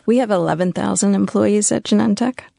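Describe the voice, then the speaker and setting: Woman in her forties, executive guest; measured answers, a touch of gravel, dry close sound. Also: medium pitch, dark tone, dry recording. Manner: measured, corporate, with fillers. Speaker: biotech company executive. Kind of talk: interview answers.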